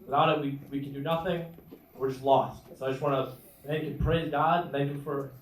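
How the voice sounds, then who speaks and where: A man's voice: medium pitch, fairly even intonation, a little fast. A man, the groom, giving a sincere, rambling thank-you speech with fillers. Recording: echoey room from far off, light noise.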